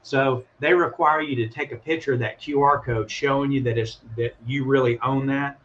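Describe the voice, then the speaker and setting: Guy chatting on a call, animated, kinda muffled and lo-fi. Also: mid-range voice, normal speed, slight background noise. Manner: animated, acts out voices in his stories. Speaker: guest calling in. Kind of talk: casual storytelling chat.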